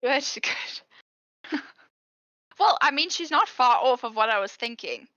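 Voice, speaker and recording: A woman chatting casually during a tabletop game, a little distracted as she talks. Her voice is fairly high and bright, recorded dry and slightly dull. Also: animated, measured pace, no echo. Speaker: player.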